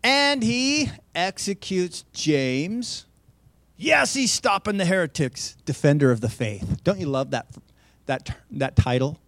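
A man gives a sermon on a Bible passage in a loose, conversational way, full of fillers, restarts and wry asides. His voice sits a little high for a man. The recording is dry and close, with no room sound. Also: sing-song, slow, fairly bright tone, no echo.

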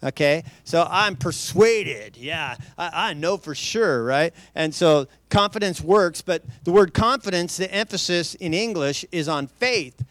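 Man preaching, high voice, dry close sound, chatty with restarts, light laughs. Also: animated, a little slow, few pauses, fairly bright tone, no room sound. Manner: loose, chatty delivery with many restarts and asides; laughs lightly between points. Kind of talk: conversational sermon.

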